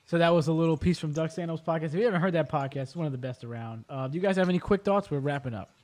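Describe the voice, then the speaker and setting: A man hosting a podcast, recapping a documentary in rapid, profane, animated casual chat. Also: on the high side. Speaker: podcast host.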